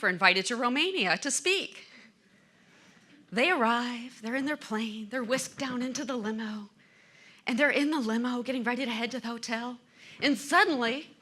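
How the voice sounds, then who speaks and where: A woman's voice: fairly high pitch, sharp tone. A middle-aged woman giving an inspirational stage talk, telling stories dramatically with emphatic swells. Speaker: motivational speaker.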